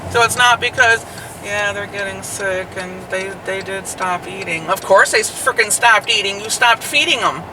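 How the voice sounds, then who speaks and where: A man's voice: high-pitched, moderate pace, recorded from a distance. A man who trained in nursing care, telling an outraged story in casual chat and swearing freely while driving. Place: inside a car in traffic. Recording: loud road noise in a car.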